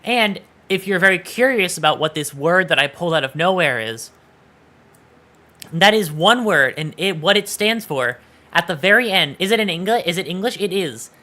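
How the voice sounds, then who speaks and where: A man's voice: high voice, animated, a little fast, sharp tone. A man streaming live, chatting casually and teasing his viewers, with playful swearing. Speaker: VTuber streamer.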